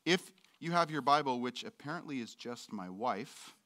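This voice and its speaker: A man's voice: medium pitch, lively intonation, normal speed, background noise. A middle-aged male pastor preaching a sermon in a church, candid and joking, acting out voices in his quotes.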